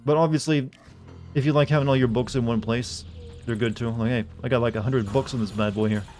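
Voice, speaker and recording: A man's voice: medium pitch, steady tone, brisk, darkish tone, soft background music. A man streaming a game, chatting casually and rambling with frequent restarts and asides. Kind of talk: casual gameplay commentary.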